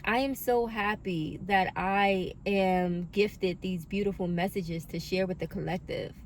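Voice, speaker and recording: A woman's voice: medium pitch, fairly even intonation, measured pace, a little hiss or hum. Emphatic affirming New woman. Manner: emphatic, affirming, casual swearing. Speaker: oracle card reader. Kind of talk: collective spiritual reading. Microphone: phone.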